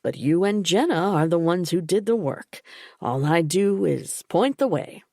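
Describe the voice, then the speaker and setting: A woman reading the part of a calm, patronizing older father in an audiobook, soothing and evasive. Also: lowish voice, a little slow, vocal fry, no room sound, clean studio sound, heavily acted.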